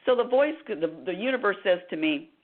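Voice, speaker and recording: A woman's voice: mid-range voice, animated, fairly quick, slight background noise. A woman radio host and happiness coach telling a personal story with passion, acting out dialogue in a talk radio monologue. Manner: impassioned storytelling with dramatized dialogue. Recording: tinny phone-like line.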